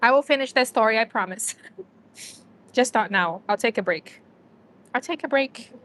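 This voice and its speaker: A woman's voice: fairly high pitch, moderate pace, a bit bright. A woman hosting a casual livestream, chatting to viewers and a dog and laughing often. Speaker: livestream host.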